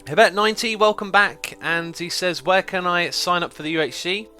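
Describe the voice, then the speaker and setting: A man's voice: high voice, normal speed, bright, forceful tone, soft background music. A man hosting a casual gameplay livestream, chatting away and reading out messages from viewers. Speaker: livestream host.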